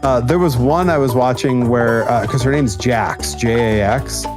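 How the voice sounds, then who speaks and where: A man's voice: medium pitch, a little slow. Young guy streamer, chatty storyteller doing little voices, game music going. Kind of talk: casual chat while gaming.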